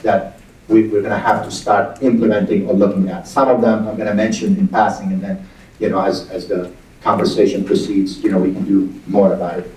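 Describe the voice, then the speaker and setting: A middle-aged man, a university's acting president, speaking at a town hall in a halting way and repeating words as he thinks aloud. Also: fairly low pitch, darkish tone, slight background noise. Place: large hall with audience. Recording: echoey hall, distant mic.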